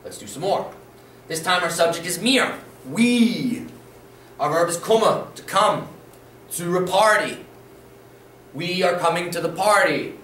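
A man teaches a video language lesson in a patient, encouraging way, checking in often as he repeats the rules. His voice sits a little high. He sounds set back from the mic in an echoey room with a faint hiss behind him. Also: lively intonation, unhurried, pauses often, a bit bright, far from the mic. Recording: roomy echo, voice a bit off-mic, faint room noise.

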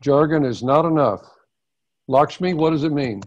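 A man who hosts a massage-therapy teaching webinar, explaining in a measured way with pauses, heard over a video call. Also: a little high, no echo. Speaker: massage instructor hosting a webinar. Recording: dull lo-fi webinar audio.

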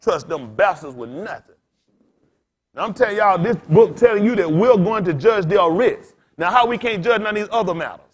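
A man preaching in loose storytelling style as a pastor, blunt and cussing, laughing as he swings between loud bursts and quiet asides. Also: high-pitched, animated, moderate pace, slightly rough. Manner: blunt, street-talking, cussing. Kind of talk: storytelling sermon.

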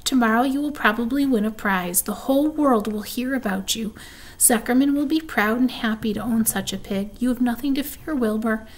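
A woman voicing a wise, gentle female spider in a storybook reading, calm and soft. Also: a little high, normal speed, close to an everyday voice.

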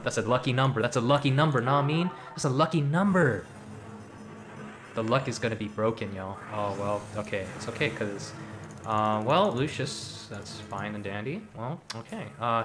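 A young man streaming a mobile game, joking and rambling with lots of fillers and slang. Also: medium pitch. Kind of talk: casual gacha stream commentary.

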